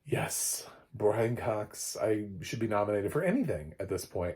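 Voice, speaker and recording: A man with a very low voice talks through a film review in a loose, chatty way. He wanders off on tangents and laughs at his own slips. His opinions come out strong and playfully exaggerated. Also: big pitch swings, a little slow, hardly any pauses, a little mellow.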